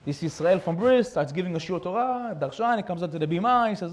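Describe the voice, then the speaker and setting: A man's voice: high-pitched, fast talker. A man giving a sermon as a rabbi, telling stories animatedly and repeating key phrases for emphasis. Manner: animated storytelling with repetition for emphasis.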